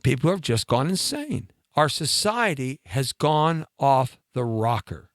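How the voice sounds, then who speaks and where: A man hosting a talk show, ranting in a comedic monologue, mocking and animated with sudden jumps in pitch. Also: unhurried, no echo, clean studio sound. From mixed Latin and Scottish-Irish heritage.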